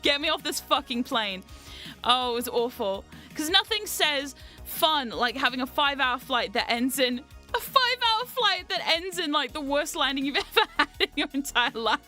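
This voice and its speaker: A woman's voice: sits high, expressive, normal speed, pushed and bright, soft background music. A woman streamer telling a travel story in casual chat, swearing freely and laughing often.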